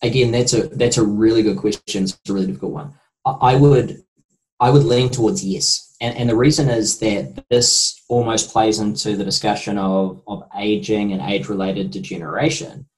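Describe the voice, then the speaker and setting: Kiwi guy talking nutrition on a podcast, kinda low voice, thoughtful and careful. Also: fairly even intonation, darkish tone, low-quality recording. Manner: thoughtful, measured, hesitant starts. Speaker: nutrition researcher guest. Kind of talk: casual interview chat.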